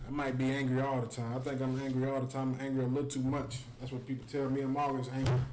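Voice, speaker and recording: A man's voice: mid-range voice, completely flat delivery, fast, background noise. A man from the United States giving an angry, conversational scripture breakdown on a livestream, filling his talk with "man". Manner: heated, conversational preaching with frequent "man". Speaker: scripture teacher.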